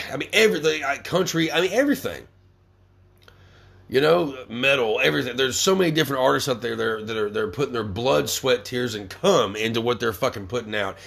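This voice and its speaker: A young man on his podcast launches into a profanity-laden, angry rant, repeatedly stammering and restarting. He speaks in a mid-range, creaky voice with a fairly bright tone.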